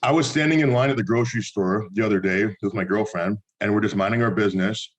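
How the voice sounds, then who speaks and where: A man's voice: on the low side, fast, rough recording. A young man co-hosting a podcast, telling stories and giving blunt opinions in casual chat. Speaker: podcast co-host.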